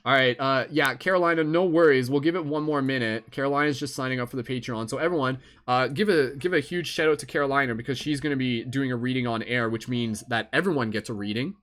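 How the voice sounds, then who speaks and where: A man's voice: medium pitch, fairly bright tone. A young man with a Canadian accent hosting a live stream, chatting casually and rambling with lots of fillers. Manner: laid-back, rambling, with many fillers.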